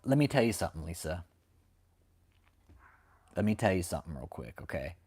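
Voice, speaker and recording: This man's low, darkish, slightly rough voice swings widely in pitch at a fairly quick clip. He's an American channel host who exposes cult leaders, and here he's at home with dogs barking nearby, ranting angrily, profanely and confrontationally while hammering the same points repeatedly.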